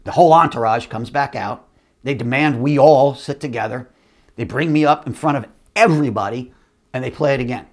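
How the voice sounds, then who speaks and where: Casting: middle-aged man, host, casual anecdotal delivery, mid-range voice, lively impressions. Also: mid-range voice, brisk. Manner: animated, acts out other people's voices. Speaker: host, company CEO. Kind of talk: casual storytelling monologue.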